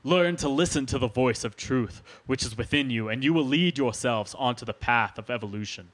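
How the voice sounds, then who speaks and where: A solemn male alien envoy speaks to humanity, as a man reads him out on a podcast. His delivery is slow and grave, a steady mid-pitched voice reading a message line by line. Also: close to an everyday voice.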